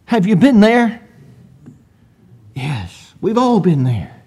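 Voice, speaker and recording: In a warm, slightly rough, high voice that swings widely in pitch, a man delivers a sermon. He reads old-fashioned scripture, asks rhetorical questions and builds swells of emphasis, all slowly and deliberately.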